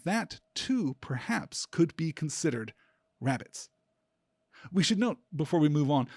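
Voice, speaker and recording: A man hosting a podcast, giving a measured close-reading analysis of a text and slowing down to scan lines of poetry aloud. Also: on the high side, a little mellow, slightly rough, no room sound. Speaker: podcast host.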